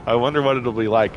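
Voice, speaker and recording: A man casually commenting while playing a game, chatty and quick to get irritated, laughing often. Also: mid-range voice, highs cut off, slight background noise. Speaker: gameplay video host.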